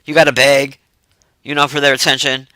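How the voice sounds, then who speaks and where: A man's voice: medium pitch, flat delivery, a little fast, pushed and bright, no echo, poor audio. A man casually recapping a film plot in a rambling, profane way with frequent laughter. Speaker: movie reviewer.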